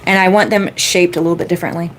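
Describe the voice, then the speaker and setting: A woman's voice: lowish voice, steady tone, rapid-fire, fairly bright tone, a little hiss or hum. Chatty woman hosting a live Q&A. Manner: chatty, rambling, frequent fillers; emphatic, repeats key phrases. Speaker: manifestation coach. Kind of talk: casual live-stream Q&A.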